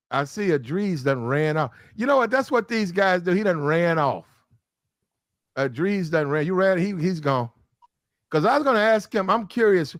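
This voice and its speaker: A man's voice: a little high, no echo, clean studio sound. A man hosting a heated panel podcast, blunt and insistent, hammering his points with repetition. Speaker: podcast host.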